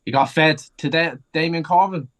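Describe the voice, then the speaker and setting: A man chatting casually on a wrestling podcast, joking and tossing in quick remarks. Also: a little high, a bit bright. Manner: joking, laughing interjections. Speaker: podcast co-host.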